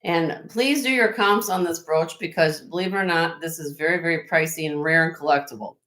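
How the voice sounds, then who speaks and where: A woman speaks fairly quickly in a low-pitched, slightly bright voice while hosting a live-stream sale of vintage jewelry. Her Midwestern accent comes through as she chats effusively about each item. The audio quality is poor.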